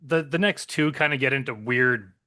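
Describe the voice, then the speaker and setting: A man co-hosting a movie review podcast who weighs his opinions out loud, repeating words as he goes. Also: medium pitch, normal speed. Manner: hesitant, repeats words while forming opinions. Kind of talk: casual movie discussion.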